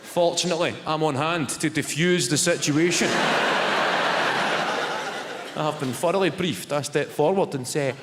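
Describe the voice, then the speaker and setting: A Scottish man performs stand-up with a wry, self-mocking delivery and a slightly high voice. His voice rings through a big reverberant hall over a loud crowd and heavy noise. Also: normal speed, pauses often. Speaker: stand-up comedian. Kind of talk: stand-up routine.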